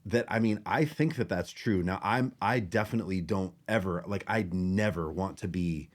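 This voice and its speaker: A man's voice: sits low, moderate pace. A man chatting as a podcast guest who talks about his passion with enthusiasm. He laughs easily and calls himself obsessed. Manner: enthusiastic, self-described nerd, laughs often. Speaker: guest bassist. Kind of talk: casual chat.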